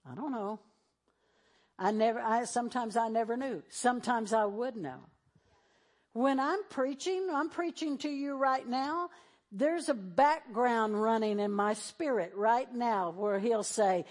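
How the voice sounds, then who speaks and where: A woman's voice: a little high, unhurried, darkish tone. A middle-aged woman pastor preaching a sermon in a conversational way, acting out the voices she quotes.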